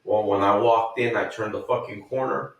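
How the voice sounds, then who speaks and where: A man's voice: on the low side, steady tone, normal speed, creaky, recorded from a distance. A man on a podcast telling a rambling, profane story and acting out the lines other people said. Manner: profane, rambling storyteller who acts out quotes. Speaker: podcast co-host. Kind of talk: casual storytelling chat. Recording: very echoey room, off mic.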